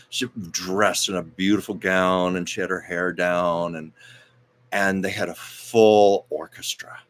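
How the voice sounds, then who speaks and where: Chatty man hosting a livestream, lowish voice. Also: fairly bright tone. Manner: chatty, digressive storyteller reading viewer comments aloud. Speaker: host of a livestream show. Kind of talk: casual livestream chat.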